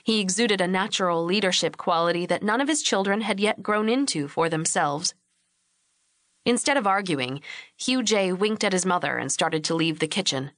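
A woman reads a novel aloud in a steady, measured storytelling voice. Her voice sits on the lower side, and the recording is dry and close, with no room sound. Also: dry recording. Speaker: audiobook narrator. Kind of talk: scripted narration.

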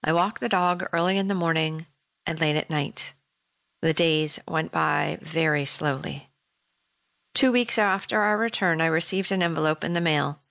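Low-voiced woman reading a memoir. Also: creaky, fairly bright tone, dry recording. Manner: measured, reflective. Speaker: narrator. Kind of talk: audiobook memoir narration.

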